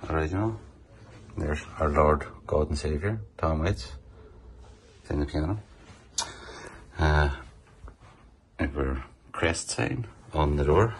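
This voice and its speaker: A man with a Northern Irish accent from Derry chats loosely while walking through his indoor games room, and his voice sits extremely low. He talks in an offhand, wandering way and drops the odd curse. A faint noise hangs under him. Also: low-quality recording. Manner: rambling and offhand, with frequent swearing. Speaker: table football player giving a tour. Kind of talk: casual walkthrough chat.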